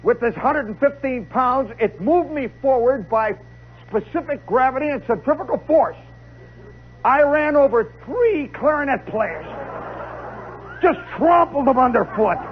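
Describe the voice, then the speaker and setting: A man telling a comic story live, animated and dramatic, with chatty asides to the listener. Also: very high-pitched, unhurried. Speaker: radio storyteller. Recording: lo-fi 1960s radio recording with faint hiss.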